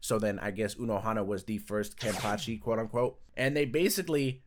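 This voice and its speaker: A young man casually reviewing an anime, talking in animated bursts that jump loud and excited. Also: on the low side, fairly quick, a little hiss or hum.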